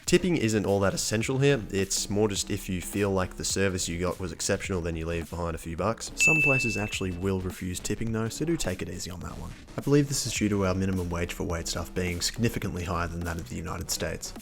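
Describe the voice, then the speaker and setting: A man's voice: sits low, fast talker, creaky, few pauses, background noise. An Australian man giving a casual, scripted explainer in a wry, blunt way, swearing freely. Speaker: vlogger.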